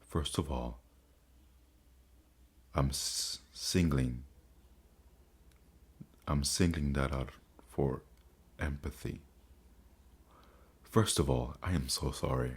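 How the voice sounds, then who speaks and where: A book reader and commentator with a very deep, husky voice reads letters aloud and comments on them. His reading is slow and halting, with restarts.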